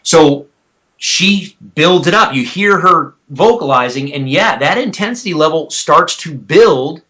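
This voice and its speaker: A man's voice: on the high side, lively intonation, a little slow, sharp tone. A man who is an expert guest on a podcast, explaining earnestly and step by step while repeating words as he goes. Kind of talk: explanatory interview answers.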